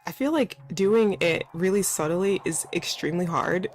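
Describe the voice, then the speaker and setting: Chatty woman streamer, low-pitched. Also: animated, normal speed. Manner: chatty, laughs often, self-deprecating. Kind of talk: casual let's-play commentary. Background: faint background music.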